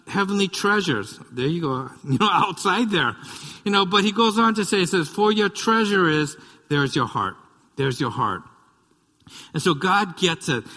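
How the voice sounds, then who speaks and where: A man from the United States delivers a sermon in an easy, story-telling way, full of asides to the congregation. His voice is bright and forward, pitched a little high. The sound rings with the long reverb of a church hall. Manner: conversational storytelling with frequent asides. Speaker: pastor.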